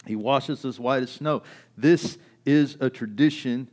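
A man's voice: mid-range voice, unhurried, a little mellow. A man preaching a sermon as pastor, impassioned, often asking rhetorical questions and repeating words as he builds his point.

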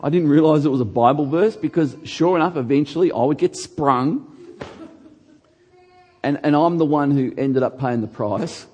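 A middle-aged man preaching a sermon, earnest, slowing down and dropping his voice on key words. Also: dark tone. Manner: earnest, slows down and drops low on key words. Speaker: pastor.

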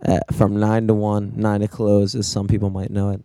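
A man's voice: fairly low pitch, monotone, moderate pace, dark tone, smooth, dry recording, studio quality. A man from co-hosting a comedy podcast, bantering casually and swearing freely as he plugs his shows. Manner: laid-back, swears casually. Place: studio.

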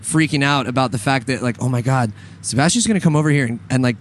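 A man co-hosting a casual talk-show podcast banters and rambles, full of fillers and restarts, and laughs often. His voice is medium-pitched and quick, with a little hiss or hum in the recording.

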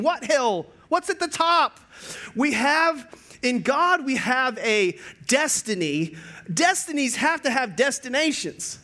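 A man preaching a sermon as pastor, joking, telling stories and talking with lively energy. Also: extremely high pitch, slow.

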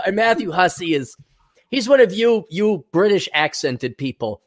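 A man in loose, unscripted conversation, cursing freely and speaking his mind without softening it. His voice sits a little on the high side, and he drops into exaggerated impressions of other people while he rambles on. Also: normal speed. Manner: blunt, profane, rambling with animated mock voices. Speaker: podcast co-host. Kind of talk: casual chat.

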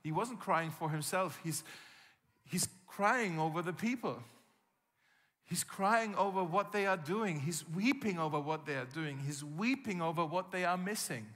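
A man preaching a sermon as pastor, telling the story vividly and acting out scenes with gasps and shouts. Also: high-pitched, measured pace. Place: church hall. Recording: long reverb from a church hall.

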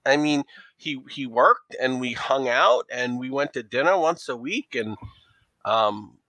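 A man with a New York accent voicing a worried young woman from a dance troupe, answering haltingly with many fillers. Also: medium pitch, animated, bright, forceful tone, no room sound. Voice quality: broad, leaned-in street accent.

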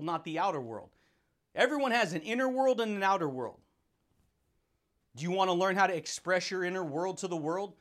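A high-pitched man hosts a motivational podcast. He talks in a hyped, playful way and breaks into laughter often, calling his listeners buddy and dude. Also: a bit bright. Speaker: podcast host.

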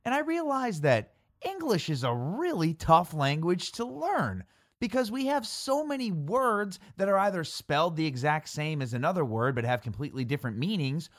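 Man, scripted educational narration, animated pitch, dry recording. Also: no echo. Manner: playful, pun-filled, spells words out letter by letter. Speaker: language explainer.

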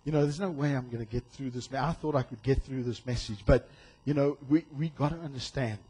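A male pastor preaching a sermon in an animated way, acting out voices and shouting for emphasis. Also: medium pitch, brisk, husky.

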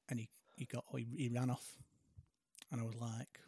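A man's voice: mid-range voice, level tone, moderate pace, slightly rough, no room sound, clean studio sound. A man, co-hosting a casual chat, talking hesitantly and reflectively. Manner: hesitant, reflective, soft-spoken. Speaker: podcast co-host.

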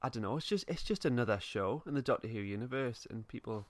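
A man's voice: medium pitch, lively intonation, fast, no room sound. A man in casual podcast chat, giving his opinion hesitantly with many fillers. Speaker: podcast co-host.

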